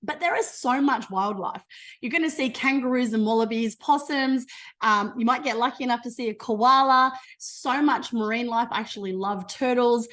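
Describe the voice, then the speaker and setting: A bubbly Australian woman with a fairly high voice talks through a slide presentation on a video call. She sounds enthusiastic and chatty throughout. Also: moderate pace, fairly bright tone. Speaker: travel promoter.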